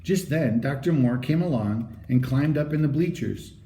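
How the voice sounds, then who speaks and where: Man, storybook narrator, animated read-aloud, swinging pitch, mellow, echoey room. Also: moderate pace. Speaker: audiobook reader. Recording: roomy echo.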